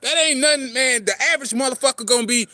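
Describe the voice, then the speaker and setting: Man, vlogger, casual motivational rant; heavy slang and cursing, earnest and rambling; high, bright voice, dry close sound. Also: fast, dry recording. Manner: street slang, heavy swearing, repeats "man" and "you know what I'm saying"; rambling, earnest, greets passers-by. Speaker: poet and vlogger. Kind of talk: casual motivational talk to camera.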